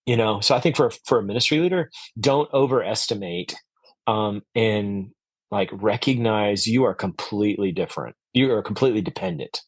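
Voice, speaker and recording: A man's voice: fairly low pitch, moderate pace, slightly rough, no echo. A man speaking as a podcast guest, earnest and reflective, with frequent fillers and restarts. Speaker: podcast guest, orchard owner. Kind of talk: conversational interview.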